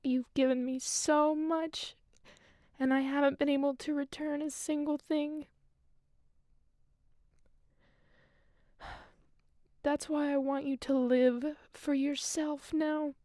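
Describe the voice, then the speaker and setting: A dying wife speaks her last letter in a soft, intimate, half-whispered voice. Her tone is mellow and dark, close and dry, and she talks slowly, lingering on each word. The sound is that of a voiced video game scene. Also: sits high, little pitch movement, no echo. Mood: pleading.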